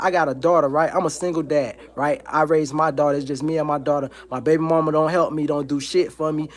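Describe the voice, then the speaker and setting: A man with a notably high-pitched voice delivers a heated livestream rant from his home. He talks emphatically, swears a lot and hammers the same points again and again. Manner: profane, emphatic, repetitive ranting. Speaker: livestream host.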